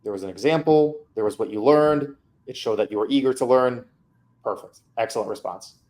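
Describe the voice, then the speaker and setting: A man's voice: medium pitch, brisk, a little mellow. A man coaching a student through feedback on her mock interview, candid and casual.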